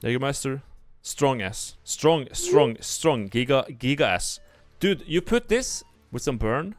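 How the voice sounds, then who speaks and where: Lively, blunt young man streaming. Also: medium pitch, measured pace, no echo. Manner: blunt, jokey and profane, thinking aloud. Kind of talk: casual livestream commentary. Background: faint background music.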